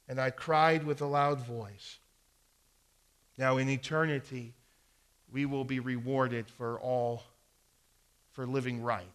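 A man's voice: fairly high pitch, fairly even intonation, measured pace, fairly bright tone. A man preaching a sermon, reading scripture aloud and repeating phrases for emphasis, with his volume swelling and dropping. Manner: volume rising and falling for emphasis.

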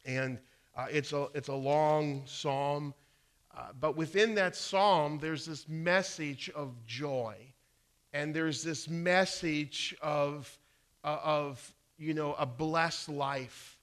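A male pastor delivers a conversational sermon and weaves in stories as he goes. His voice is bright and forceful, pitched a little high. He often restarts his phrases as he talks. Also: takes it slowly. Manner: conversational, storytelling, frequent restarts.

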